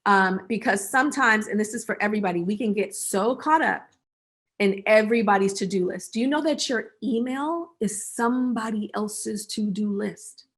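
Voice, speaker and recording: An American woman, the guest on a relaxed video-call interview, speaks animatedly at a moderate pace in a husky, medium-pitched voice. She often slips into small acted-out voices.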